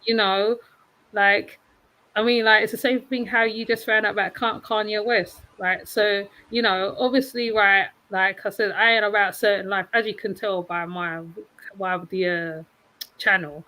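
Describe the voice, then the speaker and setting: A woman with an English accent talks as a guest on a livestream, heard over a video call. Her pitch is middling, and her speech keeps restarting around "like" and "you know". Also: fairly even intonation, normal speed, pushed and bright, rough recording. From England. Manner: laughs easily, lots of "like" and restarts. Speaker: guest YouTuber. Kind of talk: casual chat on a livestream.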